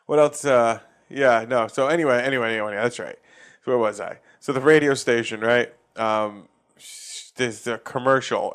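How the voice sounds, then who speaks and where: A man from Massachusetts riffs through his own comedy podcast, swearing freely and cracking himself up as he goes. His voice is clean and resonant, sitting at an ordinary middle pitch. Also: smooth. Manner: profane, ranting, laughs at own jokes. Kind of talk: casual comedic rant. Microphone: facing a camera.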